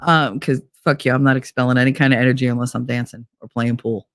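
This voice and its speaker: A woman hosting a podcast, telling a bawdy story in a casual, animated, profane way and acting out what others said. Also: rumbling low, fast, no echo, clean studio sound. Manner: profane, animated, acts out quoted dialogue. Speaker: podcast host.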